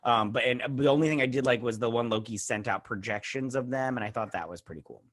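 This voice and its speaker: A man's voice: medium pitch, fast. A young man hosting a show, recapping and reviewing an episode in a rambling, snarky way, full of fillers and mocking quotes. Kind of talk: casual spoken recap and review.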